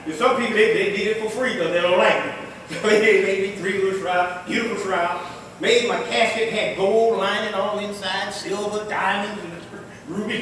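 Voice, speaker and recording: A male imam preaches a Friday sermon with a very high, sharp voice, swinging from loud, stretched-out calls to hushed asides and often laughing through his stories. He is caught from some distance in a big mosque hall that rings with a long echo. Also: normal speed, slight background noise. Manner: lively preaching that swings between loud and quiet. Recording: echoey hall from far off.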